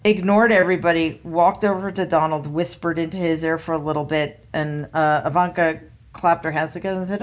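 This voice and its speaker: A woman's voice: deep voice, steady tone, brisk, slight background noise. A woman guest telling personal stories in a casual chat, wry and laughing between words.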